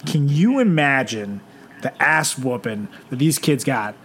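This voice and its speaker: A young man co-hosting a casual podcast, crude and joking, often acting out loud voices. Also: mid-range voice, lively intonation, unhurried, slight background noise. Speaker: podcast co-host.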